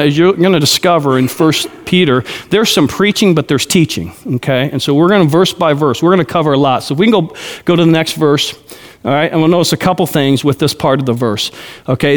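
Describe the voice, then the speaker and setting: Man, pastor, verse-by-verse Bible teaching, high voice, lively and joking, long hall reverb. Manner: lively, joking asides, many "okay?" check-ins. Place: large church hall.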